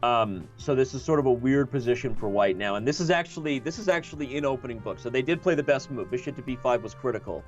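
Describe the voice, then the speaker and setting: A man's voice: medium pitch, expressive, fast talker, hardly any pauses, dull audio, faint music behind. A man commentating a chess game he is playing on a live stream, joking and thinking aloud.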